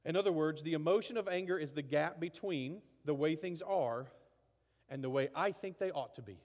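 A middle-aged man preaching in a relaxed, conversational way, with long reverb from a large hall. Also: a little high, normal speed. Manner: conversational, acts out angry outbursts. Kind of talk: sermon.

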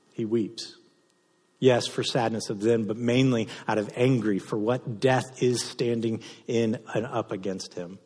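A man pastor preaching a sermon, moving between loud impassioned passages and soft, low delivery. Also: slightly rough. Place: church sanctuary. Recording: reverberant hall sound.

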